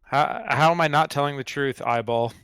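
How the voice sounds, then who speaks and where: A man's voice: on the high side, moderate pace, fairly bright tone, smooth, dry recording. A man playing a tabletop game, talking in character in a cocky, brash way. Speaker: player.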